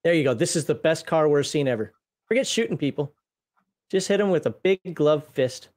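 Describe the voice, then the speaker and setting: Co-host, casual chat, reads rulebook aloud, laughs often, playful asides, mid pitch. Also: animated, fairly quick, darkish tone. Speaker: co-host reviewing a game book.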